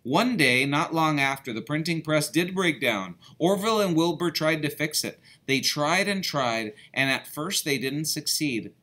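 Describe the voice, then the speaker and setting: A man reading a children's story aloud with a lively, sing-song lilt. His voice is bright and clear, and he takes his time, expressive and playful. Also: on the high side, a little slow, few pauses.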